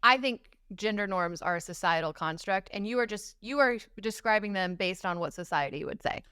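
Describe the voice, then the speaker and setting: A woman co-hosting a casual commentary podcast who speaks directly and pushes back calmly. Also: mid-range voice, normal speed, clean tone, no echo, studio quality. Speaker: podcast co-host.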